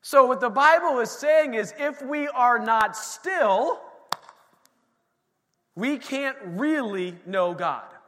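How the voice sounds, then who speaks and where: High-voiced man preaching in an echoing church. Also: animated, takes it slowly, a bit bright. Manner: emphatic preaching, repeating phrases with rising intensity. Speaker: pastor. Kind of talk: sermon. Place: church sanctuary. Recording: long hall reverb.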